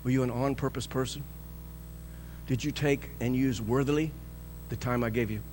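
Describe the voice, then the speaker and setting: A pastor preaching a sermon with emphatic delivery. He swings between loud, high bursts and soft, low lines, acts out the voices he quotes, and chuckles often. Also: fairly even intonation, moderate pace, slight background noise.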